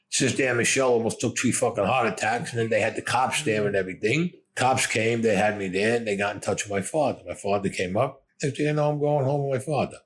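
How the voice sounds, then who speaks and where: An older man with a Brooklyn accent, bluntly telling stories from his youth in an interview, full of swearing. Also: mid-range voice. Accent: Brooklyn New York. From Brooklyn, New York. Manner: blunt, gruff, swears often. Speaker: interviewee recounting his past. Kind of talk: profane storytelling interview.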